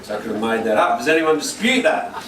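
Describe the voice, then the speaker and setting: A man's voice: mid-range voice, quick pace, a crowd in the background. A man, a corporate trainer telling stories to a workshop audience and often checking for agreement. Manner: energetic storytelling, asks the room for agreement. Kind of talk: workshop talk to a live audience. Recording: roomy and distant, with noise.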